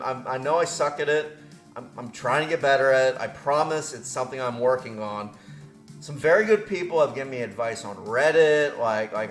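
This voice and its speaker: A man hosting gameplay commentary, rambling and self-deprecating, laughing often. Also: mid-range voice. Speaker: game channel host. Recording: roomy echo with faint music.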